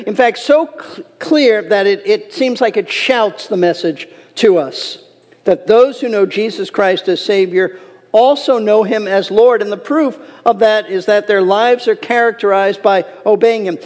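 A man's voice: high-pitched, a little mellow, long reverb tail. A man preaching a sermon as a pastor, earnest and emphatic, reading scripture aloud.

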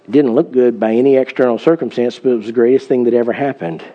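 A man's voice: medium pitch, fast, lo-fi sound. A middle-aged man, a pastor, preaching a sermon in an earnest storytelling manner, with emphatic scripture reading.

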